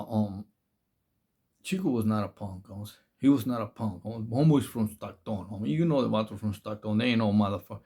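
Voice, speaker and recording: A man's voice: medium pitch, creaky, darkish tone. A man who did time, telling prison stories in casual, profane, slang-filled talk with lots of restarts. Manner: rambling, slang-heavy, profane, many restarts. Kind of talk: casual storytelling.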